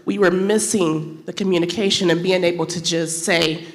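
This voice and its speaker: A woman's voice: fairly low pitch, fairly even intonation, fairly quick, hardly any pauses. A woman speaking on a panel as a wife and business owner, earnest and a little emotional. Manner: earnest, a bit emotional, laughs softly. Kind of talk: candid panel answer. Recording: long hall reverb.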